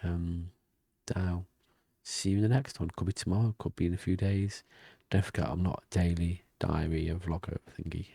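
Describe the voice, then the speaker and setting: This diary vlogger keeps his deep, gravelly, husky voice down at his desk, drifting between thoughts in a quiet, half-whispered ramble. His intonation is fairly even and his pace moderate; the desk mic and webcam in his thin-walled home room catch it dry and close, with no echo.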